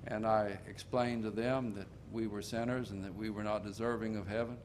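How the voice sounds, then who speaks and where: An older man preaching a sermon in a folksy storytelling manner, slowing down to stress key points. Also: lowish voice, steady tone, a little mellow, a little hiss or hum.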